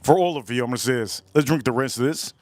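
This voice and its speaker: A man hosting a casual outdoor barbecue livestream, repeating himself and giving loud, excited shout-outs to his viewers. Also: medium pitch, fast, no echo. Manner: repetitive, hyped shout-outs to chat. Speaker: livestream host. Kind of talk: casual live-stream chat.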